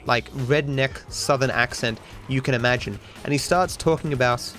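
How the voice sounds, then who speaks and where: His voice is medium-pitched with a fairly bright tone, at a normal speed, and faint music plays behind him. The young Australian speedrunner, in his twenties, chats casually with viewers as he games, rambling and swearing without restraint.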